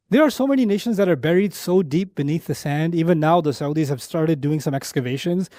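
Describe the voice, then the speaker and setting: Male Quran teacher, middle-aged, lecture sermon; lifted pitch, story-driven and emphatic. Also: no room sound, studio quality. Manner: animated storytelling with quick asides and repetitions.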